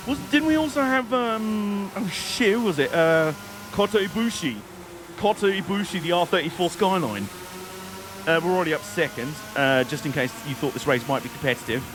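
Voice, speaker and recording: A man's voice: high-pitched, noisy background. A man casually commentating a racing game on a live stream, joking and rambling as he plays. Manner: jokey, rambling, slips into silly put-on voices. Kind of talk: let's-play commentary.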